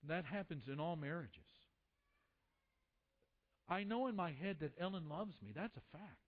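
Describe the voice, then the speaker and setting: A man in his fifties preaching a sermon, impassioned, swinging from loud peaks down to a hush. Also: on the high side, lively intonation, moderate pace, narrow, tinny audio. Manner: impassioned, rising then dropping to a hush. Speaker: pastor.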